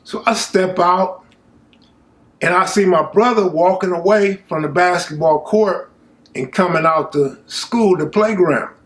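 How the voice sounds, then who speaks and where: A man telling a true story from his own life in a casual, animated way, full of street slang and asides to the viewer. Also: high voice, unhurried.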